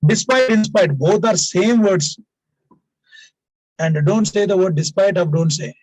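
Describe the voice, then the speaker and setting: High-voiced man teaching grammar. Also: a little slow, a little mellow, no room sound, low-quality recording. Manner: explains by example, often tags lines with "now" and "please"; repeats key points for emphasis. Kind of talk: classroom grammar lesson.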